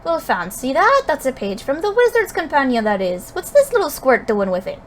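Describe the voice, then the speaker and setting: A woman's voice: high voice, moderate pace, a little hiss or hum. A woman voicing a chatty, cheeky male fairy sidekick in a game, with a wobbly put-on Scottish accent. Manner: lively, inconsistent put-on brogue.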